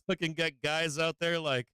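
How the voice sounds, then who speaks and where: A man's voice: fairly high pitch, pushed and bright, clean tone, no room sound. A man hosting a live stream, ranting casually with lots of swearing and frequent laughs. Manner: profane, laughing often, rambling.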